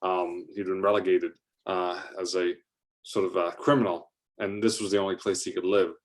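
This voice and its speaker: A man's voice: low-pitched, little pitch movement, moderate pace. A man narrating an improvised adventure story, rambling along with fillers and restarts.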